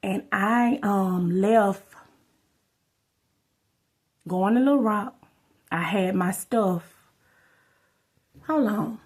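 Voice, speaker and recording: A woman's voice: medium pitch, very slow, pauses often. A woman, talking straight to her viewers in a rambling, casual storytelling vlog. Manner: rambling, addresses viewers as y'all. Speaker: vlogger.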